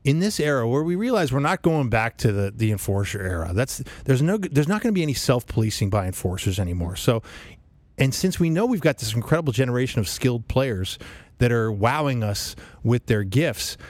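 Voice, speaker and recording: A man's voice: medium pitch, big pitch swings, fairly quick, darkish tone, dry recording. Earnest man arguing on sports radio. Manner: earnest, argumentative analysis.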